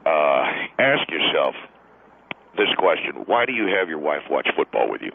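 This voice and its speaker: A man's voice: extremely low pitch, sing-song, normal speed, creaky, slight background noise, pitched below the performer's own voice, full character voice. A man voicing an irritable middle-aged football coach who rants indignantly about wives at games, heard over a phone line. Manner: blustering, indignant ranting.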